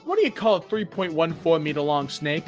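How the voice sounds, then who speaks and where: A man's voice: on the high side, very animated, soft background music. A man streaming live, reading memes aloud and joking about them in playful voices. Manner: jokey, reads captions aloud in quick voices. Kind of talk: live meme reaction commentary.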